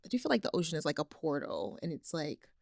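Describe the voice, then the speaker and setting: A young woman guest on a podcast, telling lively stories, acting out the people in them and laughing often. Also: low-pitched, quick pace, vocal fry, no room sound. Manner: animated storyteller, acts out quotes, laughs often. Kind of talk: casual chat.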